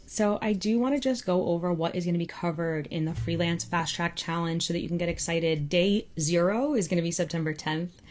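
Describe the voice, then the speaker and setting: A woman's voice: on the low side, fairly quick, a little mellow, slight background noise. A young adult woman, a freelance copywriting coach, talking casually through a live Q&A and often saying "like.". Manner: casual, conversational, peppered with "like". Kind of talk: live Q&A session.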